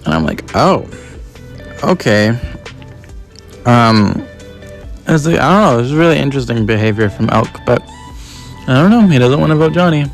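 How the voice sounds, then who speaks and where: A young man with a lot of vocal fry rambles through his plans in a confessional video diary. He sounds annoyed, thinks out loud, and swears casually. Faint music sits behind his voice. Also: mid-range voice, very animated, a little fast. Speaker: contestant.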